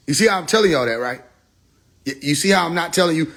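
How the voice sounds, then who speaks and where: A man talking on a phone livestream in a loose, animated rant, swearing freely and laughing at his own jokes. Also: on the high side, fast. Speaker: live streamer.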